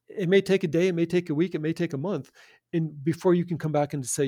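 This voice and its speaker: An earnest man explains his views in a relaxed, conversational way. His voice sits a little high with a mellow, warm tone. It sounds close and dry, with no room around it. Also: fast, dry recording. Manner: earnest, repeats words as he restarts. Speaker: guest. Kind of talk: conversational faith talk.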